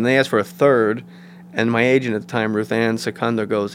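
A man's voice: on the low side, brisk, slight background noise. A man, a guest comedian, telling anecdotes in casual chat and slipping into voices. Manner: animated anecdotes with put-on voices.

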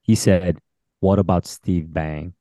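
A man's voice: deep voice, slow pace, no echo, clean studio sound. A man hosting a podcast interview, telling a story casually and acting out the voices he quotes. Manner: animated, acts out quoted voices. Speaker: senior pastor and podcast host.

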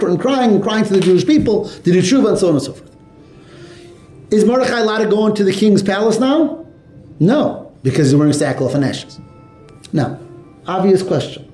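A man with a fairly high, mellow voice teaches a Torah lesson, retelling a story with animation and throwing questions to his students. The recording sounds roomy, with echo off the walls of a classroom. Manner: animated, asks the class questions, mixes Hebrew and Yiddish terms.

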